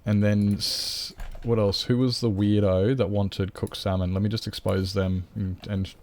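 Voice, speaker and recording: Man, game streamer, chatty rambling talk, slightly low voice. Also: level tone, unhurried, darkish tone. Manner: rambling, chatty, greets viewers, talks to his cat. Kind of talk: casual live-stream chat.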